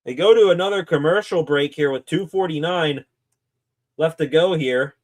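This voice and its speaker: A man hosting a sports channel, giving excited live play-by-play reaction commentary that rambles with fillers and self-corrections. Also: on the high side, normal speed.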